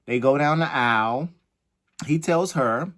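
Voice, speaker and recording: A man's voice: a little high, unhurried, fairly bright tone. Playful chatty man co-host. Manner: playful, chatty, teasing asides, laughing. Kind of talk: storytime chat.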